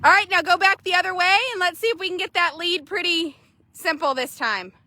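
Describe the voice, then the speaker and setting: A young woman horse trader chatting casually outdoors at an arena, quick and loose, swearing now and then. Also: very high-pitched, sharp tone. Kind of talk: casual narration while riding.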